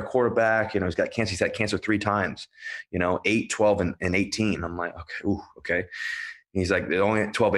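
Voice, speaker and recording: Lowish male voice, earnest storytelling, lots of restarts and repeats. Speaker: guest speaker. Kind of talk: personal storytelling to an audience.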